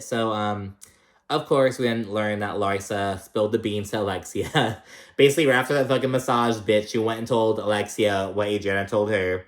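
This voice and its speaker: A man's voice: fairly low pitch, fairly even intonation, moderate pace. A young man hosting a casual reality TV recap, talking in a chatty, gossipy way and swearing freely. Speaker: recap host.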